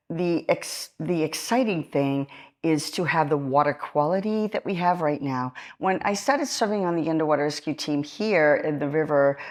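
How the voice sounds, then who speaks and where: A middle-aged woman with a Massachusetts accent, her voice sitting very low. She gives an informal talk about history and diving, eager and rambling, full of "um"s and restarts. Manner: enthusiastic, rambling, with many fillers and restarts. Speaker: historian and scuba diver giving a talk.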